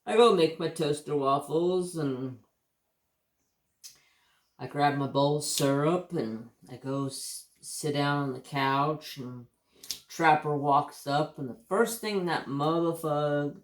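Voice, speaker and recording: A man's voice: a little high, takes it slowly, reverberant, a little hiss or hum. A man with an American accent hosting a casual livestream chat, rambling and swearing as he tells stories, with hiccups. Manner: rambling, profane, easygoing storytelling. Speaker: craft channel host.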